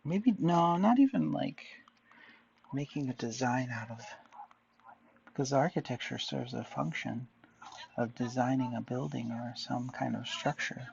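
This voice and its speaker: Gravelly man musing while he draws. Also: mid-range voice, unhurried, darkish tone, muffled recording, slight background noise. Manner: rambling, musing, often talks to himself. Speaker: artist vlogger. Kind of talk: casual drawing chat.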